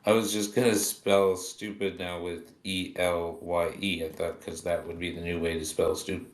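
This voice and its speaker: A man's voice: low voice, little pitch movement, moderate pace. A man hosting a casual podcast chat, joking and laid-back. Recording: roomy sound.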